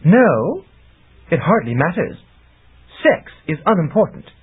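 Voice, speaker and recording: Guy putting on a squeaky sneering sorceress lady, husky and tinny, pitch all over. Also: sing-song, unhurried, full character voice. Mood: mocking. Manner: shrill exclaiming falsetto. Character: sorceress woman, scheming and mocking. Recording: tinny phone-like audio.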